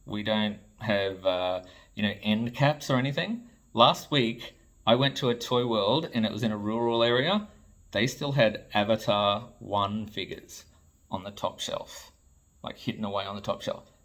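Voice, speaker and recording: A man's voice: lowish voice, unhurried, a bit bright. An Australian man, a toy designer, ranting to camera in an exasperated, blunt way and swearing freely. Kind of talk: ranting vlog commentary.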